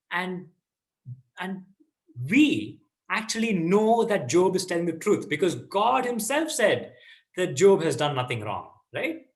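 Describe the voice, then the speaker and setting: A man's voice: high voice, sing-song, measured pace. A man teaching a casual Bible lesson to teens, checking in often with "okay?" and "right?".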